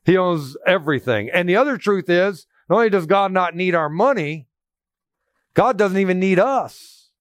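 Emphatic high-voiced male preacher. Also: lively intonation, normal speed, no echo, clean studio sound. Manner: emphatic preaching, quoting scripture in a raised voice. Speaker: pastor. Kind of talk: sermon.

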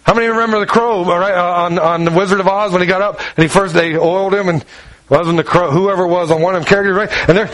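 High-voiced animated man preaching. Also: quick pace, rough recording. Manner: animated storytelling, acts out the characters' lines; walks around while preaching. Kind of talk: sermon.

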